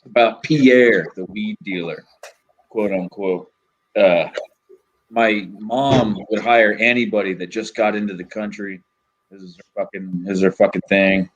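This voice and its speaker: A man's voice: on the low side, steady tone, a little slow, highs cut off. A man hosting a casual chat and telling a profane, rambling story with lots of energy. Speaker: host.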